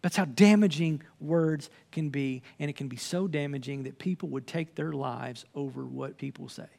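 A man's voice: on the high side, normal speed, creaky, a little mellow. A man preaching a sermon from the pulpit, earnest and conversational, quoting scripture as he teaches. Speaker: pastor.

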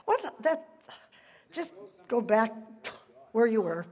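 A woman delivers a loose, conversational sermon at an unhurried pace, her voice sitting on the higher side. She leans hard on key words, laughs often and loses her place in the text. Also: big pitch swings, a little mellow, dull audio. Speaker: preacher. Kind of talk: informal sermon.

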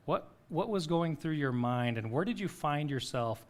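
Man, middle-aged, pastor preaching a sermon, earnest, questioning, gentle guided reflection. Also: fairly high pitch, lively intonation. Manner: soft-spoken guided reflection, pauses between phrases.

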